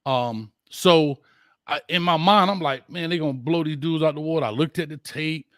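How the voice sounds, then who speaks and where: A man hosting a casual sports debate, excitable and quick to cut in. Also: fairly high pitch, no echo, studio quality. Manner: excitable, cuts in often. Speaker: host.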